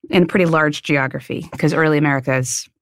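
A woman's voice: low-pitched, steady tone, fast. A woman, a history professor, answering interview questions in a thoughtful, explanatory way.

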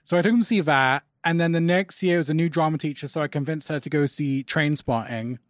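A man in his forties hosting a podcast, telling lively anecdotes with casual swearing. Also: a little high, fast, dry recording, clean studio sound. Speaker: podcast host. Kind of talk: casual chat, storytelling.

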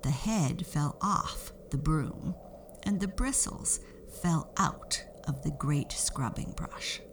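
Slow, low-voiced woman reading a storybook. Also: expressive, vocal fry, noisy background.

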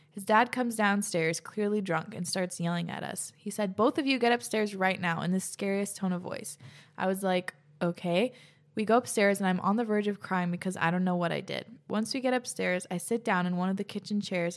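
A young woman host reading listeners' stories aloud and reacting between them, chatty and laughing often, swearing casually. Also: medium pitch.

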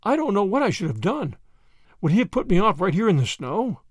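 A man reading a storybook aloud, voicing a fussy, anxious old grandmother on a train who speaks in a high, quavering, excitable way. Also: fairly quick, dry recording, clean studio sound. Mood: grateful, flustered.

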